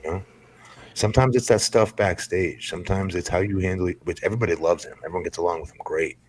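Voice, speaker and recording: A man's voice: sits low, quick pace, darkish tone, a little hiss or hum. A man talking as a guest on a podcast, a laid-back storyteller who draws out his phrases. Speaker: podcast guest, former wrestler. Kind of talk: casual podcast chat.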